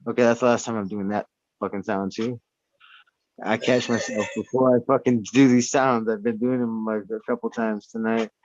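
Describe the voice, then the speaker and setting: A man in casual chat, talking at home in a rambling, profane, animated way. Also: medium pitch, normal speed. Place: indoors at home. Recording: dull lo-fi sound.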